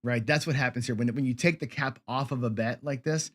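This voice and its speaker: A man's voice: medium pitch, fairly quick. A middle-aged man hosting a live lesson show, chatting casually with viewers and answering their comments, with lots of fillers and restarts. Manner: conversational, many fillers and restarts. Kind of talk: casual livestream teaching, reading viewer comments.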